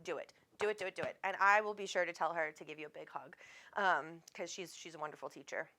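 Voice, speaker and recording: A woman's voice: on the low side, fast talker, pushed and bright. A woman, hosting a live stream as a psychic medium, chatting casually, reading viewer comments aloud, laughing often and swearing freely.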